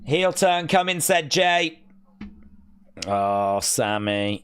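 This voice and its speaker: Bright-voiced man reacting live. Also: on the high side, unhurried, a little hiss or hum. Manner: excitable, reacts loudly and reads out viewer chat. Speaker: livestream host. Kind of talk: live watch-along reaction commentary.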